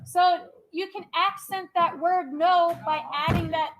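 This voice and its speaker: A young woman gives a classroom lecture in a very high voice. She talks in a chatty way and keeps checking that her students follow. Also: steady tone, measured pace, a little hiss or hum, poor audio. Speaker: teacher.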